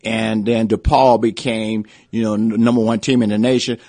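A man's voice: on the low side, little pitch movement, normal speed, vocal fry, a little mellow, no echo. A man in his seventies, a former coach, telling long rambling anecdotes in a casual interview. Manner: rambling anecdotes, frequent restarts and "you know". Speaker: former basketball coach, guest.

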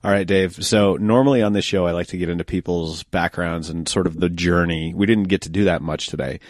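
A deep-voiced man hosts a podcast in a relaxed, rambling way, with plenty of casual fillers. His voice is recorded dry and close. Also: fairly quick, dry recording. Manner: laid-back, loose, many fillers. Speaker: podcast host. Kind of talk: casual interview chat.

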